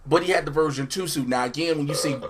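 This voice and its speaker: A man with a fairly high voice co-hosts a loose, comedic TV review chat. He retells scenes in an animated, profane way and acts out the characters' lines as he goes. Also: fast, noisy background. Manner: animated, profane storytelling with acted-out quotes. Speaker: co-host of a TV episode review show.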